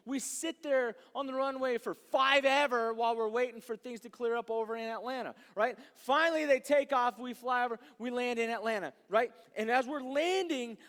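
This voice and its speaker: A man, a youth pastor, telling a story in a sermon, animated and rambling, with asides like "right?". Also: extremely high pitch. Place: church youth service hall. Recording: long reverb of a large hall.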